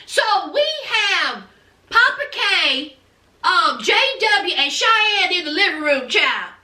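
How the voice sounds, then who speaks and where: Sassy high-voiced woman recapping TV. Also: very animated, slow pace, bright, forceful tone, recorded from a distance. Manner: chatty, sassy, calls viewers child and honey. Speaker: TV recap vlogger. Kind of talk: animated casual recap. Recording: roomy echo, from off mic.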